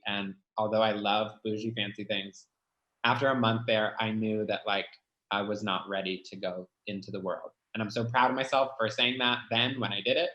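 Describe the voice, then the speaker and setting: Speaking as a guest, this man opens up emotionally about his life, dropping "like" constantly along with the occasional curse. His pitch is fairly low with a slightly bright edge, and the rough recording carries a lot of reverb.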